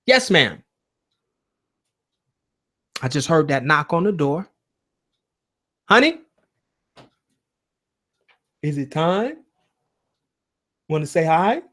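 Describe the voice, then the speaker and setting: A man runs his own live show from home in a loose, rambling way, swearing as he goes. His voice sits a little high for a man. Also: sing-song, slow pace, long pauses, a bit bright. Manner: profane, rambling, conversational. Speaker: host of a live call-in show. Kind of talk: casual livestream talk.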